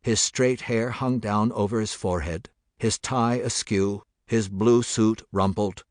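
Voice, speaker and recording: A man narrating a thriller audiobook in a measured, steady voice. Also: lowish voice, no echo, clean studio sound.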